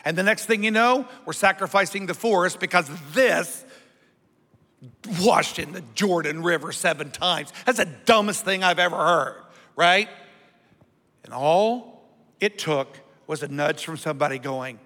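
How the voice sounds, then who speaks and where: A pastor preaches to his congregation in a high, bright voice, a little slow, drawing call-and-response from them as he goes. His sermon rings through a hall with a long reverb.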